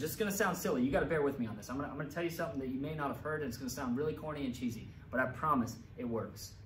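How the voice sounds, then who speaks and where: Earnest man lecturing in an echoey room. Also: a little high. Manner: earnest, emphatic, repeats key phrases. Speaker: presenter. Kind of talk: lecture talk with slides. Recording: roomy echo, mic at a distance, faint background hum.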